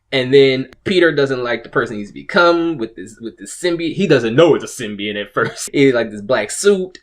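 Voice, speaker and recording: A man hosting a casual commentary video, rambling and swearing, with frequent restarts and laughs. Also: mid-range voice. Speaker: video host.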